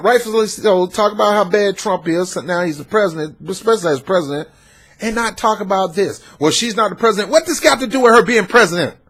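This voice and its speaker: A man's voice: sits high, a bit bright. A man from the American South, giving an emphatic, repetitive political rant and talking back at the people he discusses. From Southern United States. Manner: emphatic, repetitive, talks back at his subjects. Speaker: political commentator. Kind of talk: ranting political commentary.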